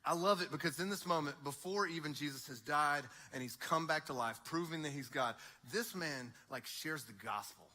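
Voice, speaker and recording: Young man, youth pastor; animated sermon, high voice, slips into character voices. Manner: animated, acts out voices in quick dialogue.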